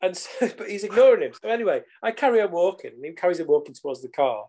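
A man's voice: sits high, sing-song, racing, warm tone. A middle-aged man, telling a story animatedly as a podcast guest, with casual swearing. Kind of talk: storytelling in conversation.

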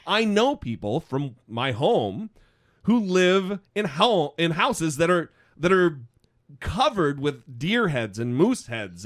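A man hosting a podcast, talking in a casual, opinionated, rambling way with many restarts. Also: fairly high pitch. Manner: rambling, animated, restarts often. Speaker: podcast host.

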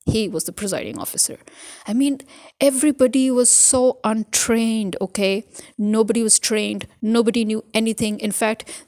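A woman recounts a frustrating experience in an indignant, exasperated tone. There is a gravelly fry in her voice, set at a middling pitch for a woman. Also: darkish tone. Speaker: voter recounting election day. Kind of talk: casual storytelling to camera.

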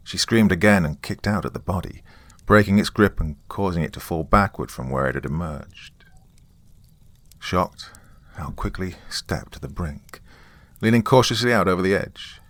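A man's voice: deep voice, animated, normal speed, fairly bright tone, no room sound. A man reading a horror novel aloud, with grave, dramatic scripted narration. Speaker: audiobook narrator.

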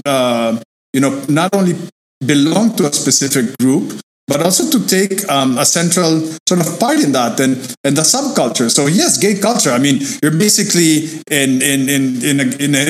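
A Filipino man in a casual discussion, talking emphatically and agreeably with frequent "you know.". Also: on the high side.

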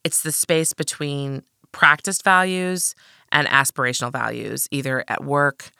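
A woman co-hosting a podcast in casual chat, summarizing a book and telling frank, self-mocking stories in an animated way. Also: low voice, a little slow, vocal fry, clear, resonant tone, dry recording, studio quality. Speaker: podcast co-host.

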